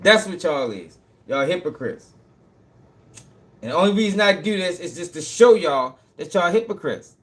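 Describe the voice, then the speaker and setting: A man's voice: high-pitched, very animated, moderate pace, fairly bright tone. Heated young man ranting live. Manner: heated, cursing, repeats himself, laughs. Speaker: channel host. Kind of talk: casual live stream rant.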